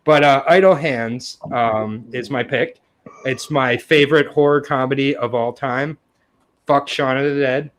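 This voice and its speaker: A man in his thirties leads a loose film chat with a group of friends. He rambles with plenty of fillers and restarts, cracks jokes and swears freely, in a voice of middling pitch. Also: steady tone, measured pace, a bit bright. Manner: joking, profane, rambling with fillers. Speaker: podcast host. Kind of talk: casual chat.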